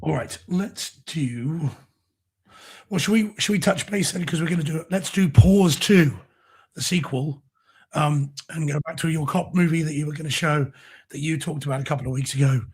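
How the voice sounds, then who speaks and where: A man co-hosting a casual home theater chat show, his voice going hoarse, talking with enthusiasm about films and discs. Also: fairly high pitch, normal speed. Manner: enthusiastic, effusive. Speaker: co-host.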